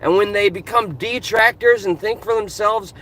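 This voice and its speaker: A man's voice: high-pitched, moderate pace, fairly bright tone. A man vlogging from his car into a phone, ranting passionately and animatedly in casual commentary. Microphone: phone camera.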